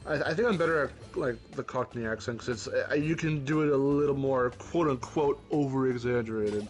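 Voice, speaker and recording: A man's voice: mid-range voice, brisk, faint music behind. A man chatting casually over a game stream, rambling, laughing often and swearing now and then. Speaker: streamer co-host. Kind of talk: casual chat over gameplay.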